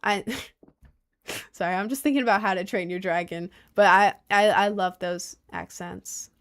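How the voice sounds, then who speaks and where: Excitable woman chatting on stream. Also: a little slow. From United States. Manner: excitable, gushing, playful, with squealing jumps in pitch. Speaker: livestreamer reading chat. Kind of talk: casual live-stream chat.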